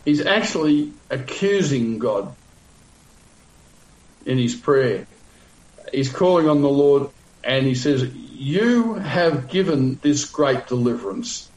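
A man's voice: on the high side, lively intonation, slow pace, reverberant, low-quality recording. A male pastor teaching a Bible passage in a sermon, conversational with frequent fillers, restarts and wry asides.

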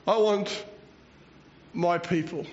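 A man's voice: high voice, slow pace, slight background noise. A man, preaching a rambling, self-mocking sermon and chuckling between phrases. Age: 60s. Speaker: pastor. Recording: dull lo-fi recording.

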